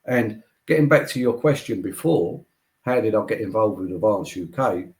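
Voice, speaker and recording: A man's voice: on the low side, moderate pace, darkish tone. A man as a guest in a political interview, emphatic and repeating his points like a speech.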